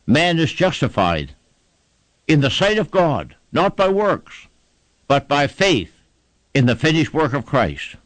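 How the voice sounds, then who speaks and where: A male preacher delivering a sermon, his pitch rising and falling widely as he drives each point home. He leans on rhythmic repetition in an old-fashioned preaching cadence. The recording is dry and close, with no room sound. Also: no room sound.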